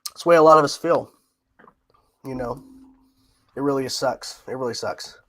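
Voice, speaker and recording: A man with a mid-range, somewhat bright voice speaks at normal speed. Hosting a casual livestream, he reads out viewer questions and answers them chattily, repeating himself and laughing often.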